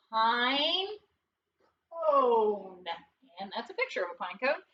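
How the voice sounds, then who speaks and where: High, bright-voiced woman teaching phonics. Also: distant mic, lo-fi sound, slight background noise. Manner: slow, patient, playful teacher talk with sing-song emphasis. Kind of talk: recorded remote phonics lesson for first graders.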